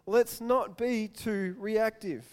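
A man preaching a sermon, telling stories and acting out quotes in loud bursts. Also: steady tone, slow, clear, resonant tone. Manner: storytelling, acts out quotes with sudden loud raised-pitch outbursts. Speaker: pastor. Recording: long hall reverb.

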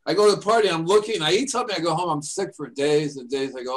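A man's voice: on the high side, animated, fast, few pauses, low-quality recording. An older man hosting a radio show, chatting casually and rambling through stories. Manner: rambling storyteller, acts out voices in his anecdotes. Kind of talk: casual chat.

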